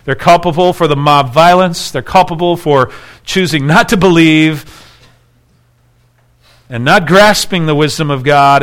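Male pastor, sermon delivery, a touch higher pitched than most. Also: a bit bright. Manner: expository preaching, rising intensity on quoted lines.

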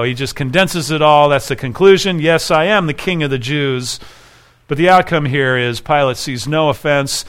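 A man preaching an expository sermon, emphatic, repeating key phrases and slowing down for quoted scripture. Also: medium pitch, fairly bright tone, smooth.

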